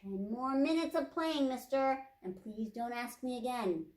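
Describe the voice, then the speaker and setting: A woman reading aloud as a patient mother owl who is gentle but firm and cooing, in a storybook reading. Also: a little high, lively intonation, unhurried, echoey room.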